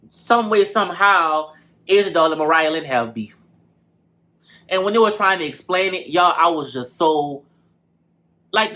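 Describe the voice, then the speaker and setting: Bright-voiced man gossiping about a show. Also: on the high side. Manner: animated, profane, gossipy; addresses viewers as y'all. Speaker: reality show reviewer. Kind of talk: casual recap commentary.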